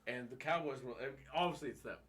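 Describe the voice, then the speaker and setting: A man telling a long bar story in casual podcast chat, animated, laughing often and swearing freely. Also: medium pitch, fast.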